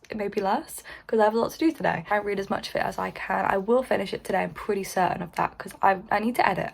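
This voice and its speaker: A young woman chats casually as a book vlogger, gushing and talkative and saying "like" constantly. Her mid-range voice is gravelly with a breathy edge, and the recording quality is low.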